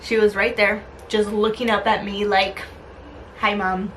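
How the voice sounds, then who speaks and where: A young adult woman telling a story in a casual vlog, chatty and animated, with lots of "like" and "um". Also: mid-range voice, moderate pace, a little hiss or hum, poor audio. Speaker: lifestyle vlogger.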